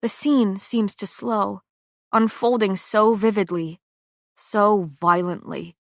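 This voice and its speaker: A woman narrating a fantasy audiobook in the first person, measured and dramatic. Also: medium pitch, fairly even intonation, creaky, dry recording, clean studio sound.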